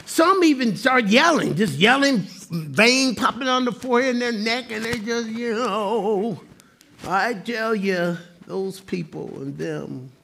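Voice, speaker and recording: A man preaching a sermon in an animated, conversational style, mixing humor with quiet asides. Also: high-pitched, unhurried, creaky. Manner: lively, swings between loud exclamations and quiet asides. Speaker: pastor.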